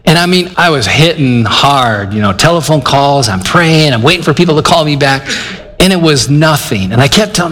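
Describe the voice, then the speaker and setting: A man's voice: on the high side, expressive, normal speed, a bit bright. An older man from Michigan preaching a conversational sermon, earnest and plainspoken, acting out his own inner dialogue as he talks. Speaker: pastor. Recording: long hall reverb.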